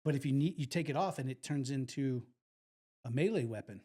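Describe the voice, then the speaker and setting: A man's voice: medium pitch, fairly quick, warm tone, slightly rough. A man co-hosting a live podcast in casual chat, rambling and repeating himself in an upbeat way. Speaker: podcast co-host.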